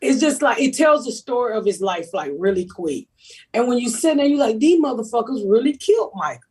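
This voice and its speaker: Woman, comic podcast host, husky and brash, profane storyteller. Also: on the high side, lively intonation, fairly quick, a little mellow. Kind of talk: casual comedic chat.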